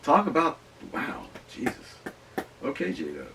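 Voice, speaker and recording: A man hosting a podcast, rambling excitedly and swearing through casual riffs. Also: sits low, a little slow, recorded from a distance, rough recording. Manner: excitable, profane, rambling with asides. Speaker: podcast host reviewing movies. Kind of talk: casual riffing commentary.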